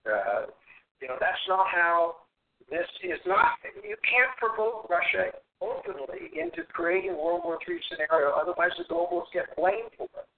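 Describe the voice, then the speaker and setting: A man's voice: high-pitched, wildly swooping pitch, moderate pace, creaky. A male guest, a former officer, speaking assertively and emphatically on a political talk show. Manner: assertive, emphatic, matter-of-fact. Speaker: guest, military veteran. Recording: tinny phone-line audio.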